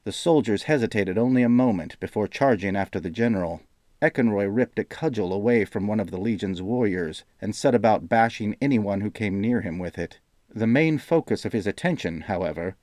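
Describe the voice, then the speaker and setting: A man narrating a fantasy audiobook in a measured, steady reading. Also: lowish voice, no room sound, studio quality.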